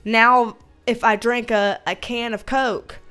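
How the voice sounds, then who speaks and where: A woman hosting a casual livestream at home, chatting and reading out viewer comments with frequent laughter and a playful, animated manner. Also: a little high, takes it slowly, smooth, faint music behind. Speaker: livestream host.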